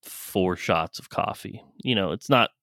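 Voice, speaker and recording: Male podcast co-host, lower voice, loose rambling anecdotes, dry mic. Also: unhurried, vocal fry, fairly bright tone, no echo. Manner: rambling, laughs often, swears. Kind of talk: casual storytelling chat.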